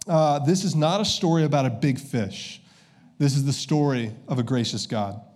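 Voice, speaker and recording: A man's voice: medium pitch, normal speed, darkish tone. A man preaching as pastor, conversational and easygoing, with frequent filler sounds and restarts. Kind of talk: sermon.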